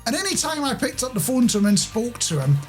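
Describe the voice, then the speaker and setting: A man's voice: extremely high pitch, big pitch swings, quick pace, soft background music. A man with a Scottish accent co-hosting a casual chat show, joking and reading out listener messages. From Scotland. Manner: chatty, jokey, reads out listener messages. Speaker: podcast co-host.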